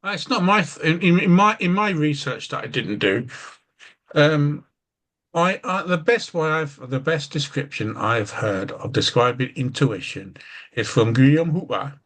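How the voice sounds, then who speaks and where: Lively, wisecracking male co-host. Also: on the high side. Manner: quick wisecracks, stammering restarts. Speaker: podcast co-host. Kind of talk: casual banter.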